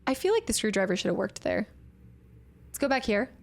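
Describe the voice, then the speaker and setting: A woman's voice: medium pitch, very animated, a little fast. A woman streaming a game live and chatting casually as she thinks aloud through puzzles. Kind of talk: live gameplay commentary.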